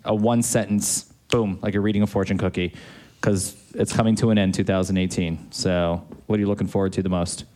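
A man's voice: low voice, little pitch movement, brisk, warm tone. A man hosting a casual podcast chat, playful and teasing with his guests. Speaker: podcast host.

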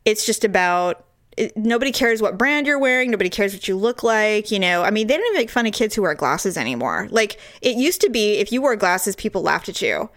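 A woman in her forties chatting casually as a podcast host, candid and quick to laugh, with frequent swearing. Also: medium pitch, expressive, fairly bright tone, no room sound, clean studio sound. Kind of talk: casual chat.

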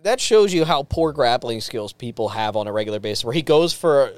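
A man's voice: mid-range voice, lively intonation, fairly quick. A young man co-hosting a podcast in casual chat, dry and sarcastic with casual swearing. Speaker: podcast co-host.

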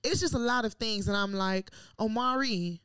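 A woman co-hosting a casual chat show, animated and sassy with quick comebacks. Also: medium pitch, clean tone, no room sound. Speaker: podcast co-host.

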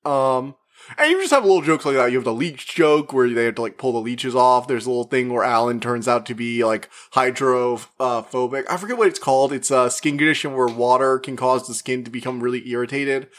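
A man giving a casual, rambling spoken movie review, chatty and full of fillers, who acts out the characters' lines in quick put-on voices. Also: mid-range voice, a bit bright. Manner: rambling, with frequent fillers and restarts. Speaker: media reviewer.

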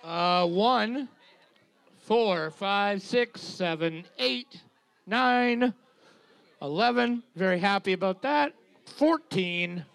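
A man keeping score at a bar trivia night, reading team numbers and trading dark deadpan jokes. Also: sits high, very slow, creaky, clean tone. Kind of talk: casual banter and reading scores. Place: bar room with audience.

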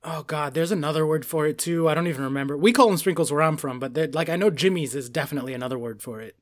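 Animated New man, casual chat. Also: fairly high pitch, racing. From New York. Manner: animated, laughing, swears freely.

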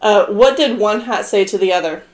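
A woman's voice: mid-range voice, moderate pace, low-quality recording. A woman in a casual chat among friends, telling short dad jokes with brief, playful replies.

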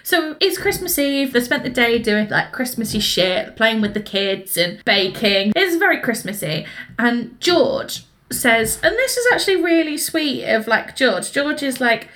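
A woman's voice: on the high side, very animated, unhurried, fairly bright tone. A woman, co-hosting a podcast, retelling a story in a bubbly way with acted quotes. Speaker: podcast co-host. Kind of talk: casual book recap chat.

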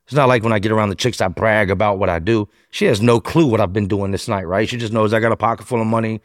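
A low-pitched man recounts a story from his own life in a loose, slangy podcast-guest manner. He gets animated and slips into other people's voices as he tells it. His voice is close and dry, with no room sound around it. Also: fast talker, no echo. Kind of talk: first-person crime storytelling.

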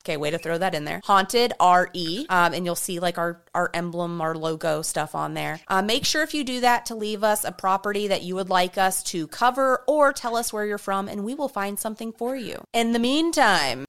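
Smooth-voiced chatty podcast woman. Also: medium pitch, animated, moderate pace, few pauses, fairly bright tone. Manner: chatty, trips over words and laughs it off. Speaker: podcast co-host. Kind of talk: casual chat.

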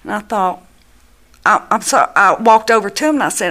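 A middle-aged woman, a mother giving personal testimony in an earnest, halting way with many restarts. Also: mid-range voice, lively intonation, bright, forceful tone.

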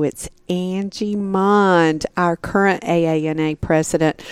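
A woman's voice: fairly low pitch, dry recording. A woman hosting a podcast interview in a chatty, easygoing way. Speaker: podcast host. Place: conference meeting.

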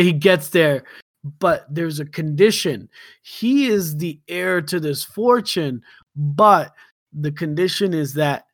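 A man co-hosting a podcast, improvising a rambling comic story, laughing often and slipping into quick silly impressions. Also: on the high side, dry recording. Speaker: podcast co-host.

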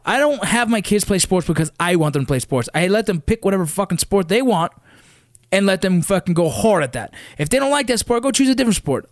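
A man's voice: sits high, no room sound. Blunt, profane father, dry close sound. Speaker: father of wrestling kids. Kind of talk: casual storytelling rant.

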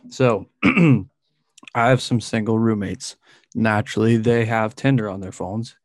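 A man's voice: fairly low pitch, unhurried, dry recording. Rambling young guy telling a story. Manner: rambling, fills speech with "like", laughs often. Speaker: podcast co-host telling a story. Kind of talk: casual storytelling chat.

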